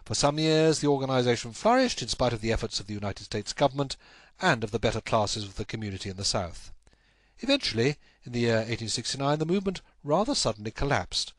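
A man narrating a classic story as a scripted audiobook, with a measured, even storytelling delivery. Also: medium pitch, dry recording.

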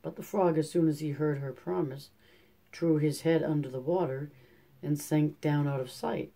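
Dark-voiced man reading a fairy tale. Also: on the high side, steady tone, normal speed, vocal fry. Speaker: storyteller. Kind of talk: fairy tale read aloud.

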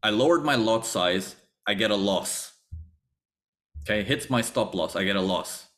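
A man's voice: on the low side, measured pace. A man teaching a trading webinar, telling his own story with acted-out thoughts and repeated phrases. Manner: animated storytelling, acts out his past thoughts. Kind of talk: webinar lecture.

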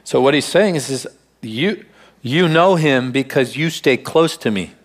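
A male pastor preaches a church sermon in a storytelling way. His voice sits at an ordinary mid pitch, and he slows right down to lean on the words that matter. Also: lively intonation. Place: church service.

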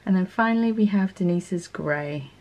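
A woman hosts her art channel in a relaxed, chatty way, thinking aloud as she swatches her paints. Her voice sits a little low and has a gravelly edge, and she often corrects herself mid-sentence. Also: normal speed. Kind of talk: casual talk while swatching paints.

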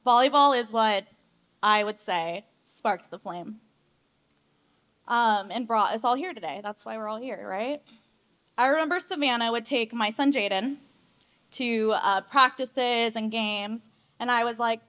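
A young woman speaks as maid of honor at a wedding reception. She talks in a chatty, giggly way and gets emotional as she goes. Her voice sits a bit high for a woman. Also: unhurried, a bit bright. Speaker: maid of honor giving a toast. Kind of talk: wedding toast speech.

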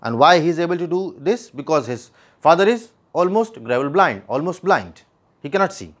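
A man's voice: a little high, sing-song, moderate pace. A man teaching a literature lesson, explaining a play line by line and paraphrasing each quoted line in simpler words, with restarts.

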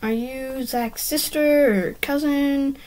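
A woman reading the lines of a friendly, curious young male stranger in a storybook, slow and lightly emphatic. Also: high-pitched, steady tone, a little mellow, pitched above the performer's own voice.

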